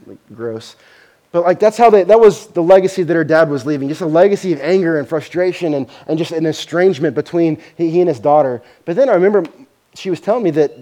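This is a sermon from a male pastor whose voice sits in the mid range. He recounts a story with animation, growing loud whenever it reaches a dramatic moment.

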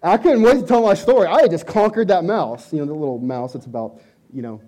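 A somewhat high-pitched man preaching to a congregation. He tells stories with animated energy and shouts out his own exclamations. He sounds like he is in his thirties. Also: fast talker. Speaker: pastor. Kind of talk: sermon.

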